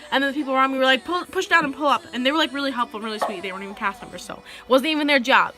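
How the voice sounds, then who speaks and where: A woman's voice: sits high, racing, pushed and bright, faint music behind. A teenage girl telling a story to camera in a rambling, chatty way, full of "like.". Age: teenager, about 16. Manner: chatty, rambling, heavy use of "like". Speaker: vlogger.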